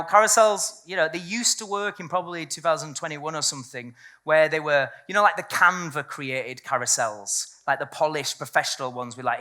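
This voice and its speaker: A woman's voice: deep voice, sharp tone. A woman giving a live business talk to a room, blunt and candid and swearing freely. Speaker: seminar speaker. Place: event room with a live audience.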